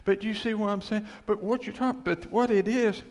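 A man's voice: sits high, fairly even intonation, fairly quick, darkish tone, big-room sound. A man preaching a sermon in an earnest, conversational way, often repeating phrases for emphasis.

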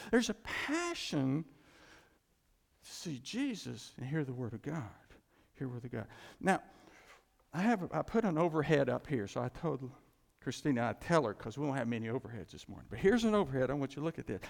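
A man preaching a sermon as pastor, animated, swinging from loud cries to quiet asides. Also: fairly high pitch, creaky. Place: church. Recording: long hall reverb.

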